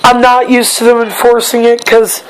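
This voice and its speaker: This vlogger is a young woman whose fairly high voice has a bit of hoarseness, and her delivery is completely flat. Speaking casually, she stops and repeats words as she hunts for what to say, captured on a rough recording.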